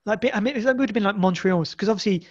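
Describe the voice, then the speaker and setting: A man's voice: high voice, fast. An English man chatting as a podcast guest, rambling with many restarts and fillers. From England. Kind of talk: casual podcast conversation. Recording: dull lo-fi sound.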